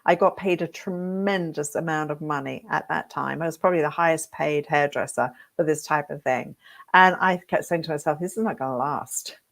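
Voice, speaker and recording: A British woman, a hairdressing coach, telling her career story straight to camera with lively check-ins to her viewers. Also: low voice, normal speed, vocal fry. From Britain. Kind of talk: reflective direct-to-camera talk.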